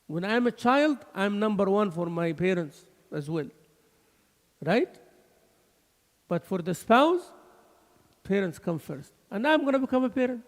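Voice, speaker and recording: Male mosque teacher, lively and gravelly, long hall echo. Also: high voice, unhurried, long pauses. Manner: animated, switching between English and Arabic, laughing asides. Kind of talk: mosque lesson.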